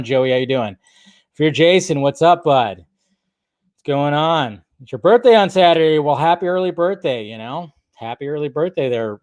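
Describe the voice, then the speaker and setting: A man's voice: fairly high pitch, a little mellow, no echo. A young man hosting a casual live stream, chatting and greeting viewers by name, with a slight throaty cough. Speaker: livestream host. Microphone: desk microphone.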